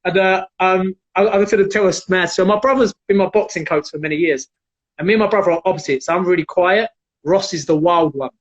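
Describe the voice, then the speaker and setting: A man, a former MMA fighter, telling lively stories casually as a guest and acting out quotes in a raised voice. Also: sits high, brisk. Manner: animated, acts out quotes in raised voice. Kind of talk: casual storytelling on a livestream. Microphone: video call. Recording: dull lo-fi livestream audio.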